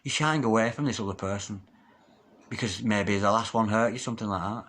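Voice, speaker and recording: Expressive male tarot reader, chatty and emphatic. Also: on the low side, fairly quick. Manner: swings between loud exclaiming and hushed near-whispers; chatty, encouraging, repeats pet phrases. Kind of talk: solo tarot reading to viewers.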